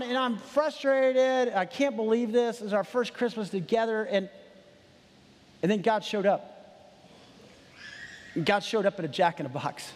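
Guy preaching, tells a story, stumbles on his starts a lot, highish voice, big hall echo. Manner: animated, repeats words at starts, quotes himself. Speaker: pastor. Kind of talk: sermon storytelling. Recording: hall reverb.

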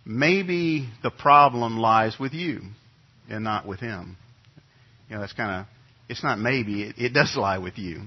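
A middle-aged man, a pastor, preaching a sermon in a relaxed, conversational way, telling a family story with frequent restarts and fillers. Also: on the low side, a little slow, breathy edge, lo-fi sound. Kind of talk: sermon with personal anecdote. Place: church sanctuary.

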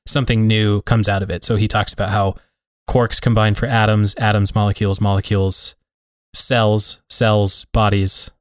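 A man's voice: on the low side, little pitch movement, normal speed, no echo, clean studio sound. A man co-hosting a podcast, talking in a reflective, rambling way full of fillers. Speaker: podcast co-host. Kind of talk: casual conversation.

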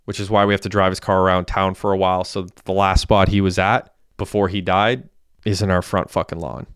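A man's voice: low voice, level tone, brisk, fairly bright tone, clean tone, dry recording, clean studio sound. A man voicing a volatile young man who has just killed someone, in lightly acted audiobook dialogue. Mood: scheming. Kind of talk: audiobook character voice.

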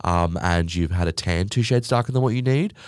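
A man's voice: low voice, fairly quick, clear, resonant tone, no room sound, studio quality. A young man hosting a podcast, ranting sarcastically and swearing often. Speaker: podcast host. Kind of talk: casual podcast rant.

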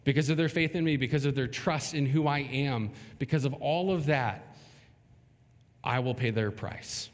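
A man preaching a sermon as pastor, speaking with dramatic, emphatic pauses. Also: medium pitch, long reverb tail.

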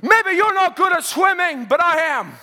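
A man preaching a fervent sermon in church, shouting praise and swinging between loud and soft. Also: extremely high pitch, sing-song, moderate pace, big-room sound. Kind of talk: pentecostal sermon. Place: church sanctuary.

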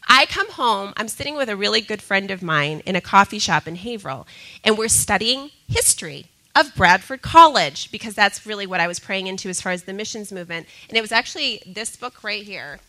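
A woman sharing a personal testimony with a group, talking in an animated way and often breaking into laughter. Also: mid-range voice, fairly quick, low-quality recording. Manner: laughs often, excitable, repeats herself.

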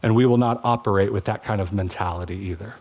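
A man's voice: on the low side, fast, darkish tone. A male pastor preaching a sermon to his church, conversational and passionate, rising to emphatic peaks.

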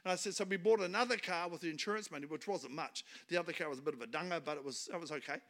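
A middle-aged man with a New Zealand accent preaches as a guest speaker. His voice sits high and sounds bright and forceful. He keeps the tone light and joking and laughs at his own punchlines. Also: rapid-fire. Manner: humorous, animated, laughs at his own jokes. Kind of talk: storytelling sermon.

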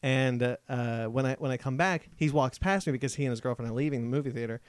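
A man's voice: mid-range voice, fast, clear, resonant tone, no echo, clean studio sound. A man co-hosting a casual podcast, telling a rambling anecdote full of restarts. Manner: rambling anecdote with many restarts, acts out quotes. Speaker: podcast co-host. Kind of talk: casual chat, storytelling.

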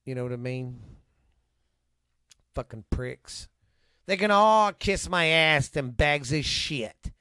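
A man's voice: on the high side, expressive, slow, long pauses, pushed and bright, clear, resonant tone, no echo, studio quality. A middle-aged man with a Texan accent, co-hosting a casual podcast, ranting and swearing heavily. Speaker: podcast co-host. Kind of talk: casual profane chat.

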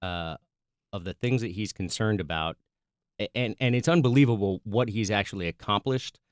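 A man chatting about politics in a measured, earnest way with some restarts. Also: fairly low pitch, smooth, no echo, clean studio sound. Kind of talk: casual political chat.

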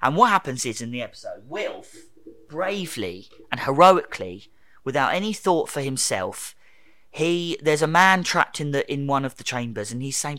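A man's voice: mid-range voice, expressive, normal speed, fairly bright tone, dry recording. A young man ranting in casual chat, swearing freely and acting out quotes.

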